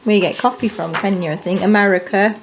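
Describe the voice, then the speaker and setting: A woman's voice: mid-range voice, fairly even intonation, fast talker, noisy background. A woman, a homeschooling mother chatting patiently with her children at a table at home. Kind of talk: casual family chat.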